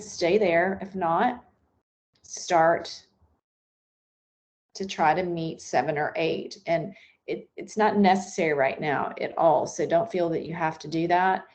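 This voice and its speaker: A woman meditation instructor with a lowish, somewhat mellow voice leads a guided breathing meditation. Her delivery is unscripted and soothing, with occasional fillers and restarts.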